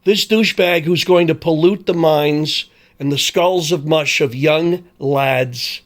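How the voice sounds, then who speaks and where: Male sports ranter, high-pitched voice, heated, sarcastic and foul-mouthed. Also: slow pace. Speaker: sports commentator. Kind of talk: angry ranting commentary.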